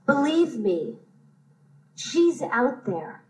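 A woman's voice: high voice, big pitch swings, darkish tone, exaggerated voice, poor audio. A hesitant, heartbroken woman. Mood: firm. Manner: hesitant, halting, vulnerable. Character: hopeless newly divorced woman seeking love. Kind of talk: TV series acting.

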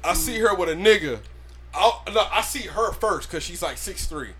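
A young man co-hosting a casual chat, an animated storyteller who cusses freely. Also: high-pitched, moderate pace, soft background music. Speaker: podcast co-host.

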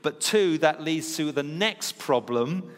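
A man's voice: a little high, animated, takes it slowly, in a large hall. A man preaching a sermon in a conversational teaching style, acting out the lines he quotes. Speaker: pastor.

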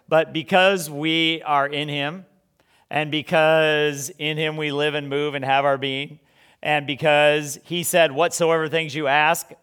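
A man's voice: fairly high pitch, a bit bright, clean tone. A man preaching a sermon in a conversational way, full of rhetorical questions and stumbling restarts.

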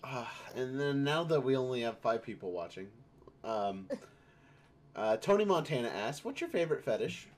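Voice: medium pitch, big pitch swings, normal speed. A podcast co-host reading listener questions in a playful, jokey way. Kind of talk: casual chat.

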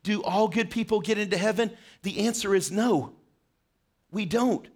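High-voiced earnest male preacher. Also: normal speed, a little mellow. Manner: earnest, questioning, direct address. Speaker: pastor. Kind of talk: short sermon.

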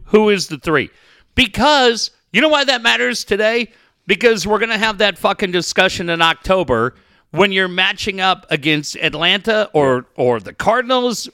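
A man's voice: high voice, lively intonation, normal speed, pushed and bright, clean tone, no echo. A man co-hosting a sports podcast, ranting heatedly and swearing constantly. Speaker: podcast co-host. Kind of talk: profane sports radio rant.

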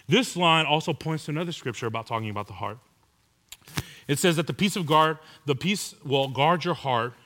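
A man preaches a sermon conversationally, asking his congregation rhetorical questions. His voice is a little high, bright, and pushed.

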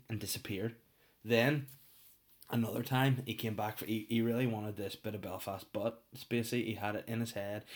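A young man, telling a crude, rambling comedic monologue on a podcast. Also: on the low side.

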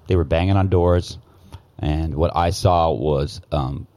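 Guest: very low male voice, dry close sound, swears a lot and stops and restarts as he tells a story. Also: mellow, dry recording. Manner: profane, heated, halting with many restarts. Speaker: guest, former news cameraman. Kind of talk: casual podcast storytelling.

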